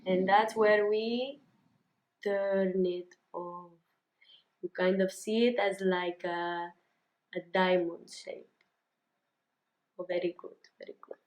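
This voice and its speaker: A woman hosts a comedic cooking demonstration, walking through a recipe in a put-on Greek accent with mock-serious, coaxing instructions and playful repetition. Her voice is medium in pitch, steady and a little mellow, and she goes slowly with long pauses. It sounds distant, in an echoey room.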